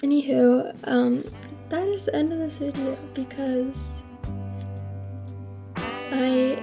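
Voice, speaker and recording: A woman's voice: sits high, steady tone, slow, vocal fry, mellow, faint music behind. A young woman vlogging in a casual chat to camera, rambling with lots of filler words.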